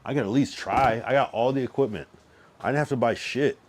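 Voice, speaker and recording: A man's voice: mid-range voice, normal speed. Tipsy young man rambling on stream. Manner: loose, rambling, heavy slang and swearing. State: drunk and overfull, a bit out of breath. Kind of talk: casual livestream chat.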